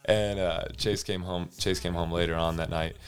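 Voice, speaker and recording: A man's voice: normal speed, crowd noise. A man working as a bartender tells stories in casual chat, swearing freely and acting out dialogue. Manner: animated, acts out dialogue in higher voices, swears freely.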